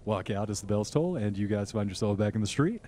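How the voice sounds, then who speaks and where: A man's voice: on the low side, expressive, fairly quick, mellow, a little hiss or hum. A man narrating as game master in a tabletop game, laid-back with dry jokes.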